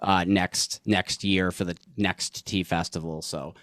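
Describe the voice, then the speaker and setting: A man hosting a casual interview, enthusiastic and effusive, thanking his guest warmly. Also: low voice, steady tone, a little slow, no room sound, studio quality. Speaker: host.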